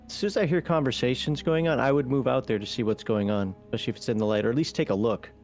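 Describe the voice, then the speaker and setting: A man's voice: medium pitch, darkish tone, faint music behind. A man playing a tabletop game, chatting casually and stammering through restarts. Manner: quick and stammering, many restarts. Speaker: player.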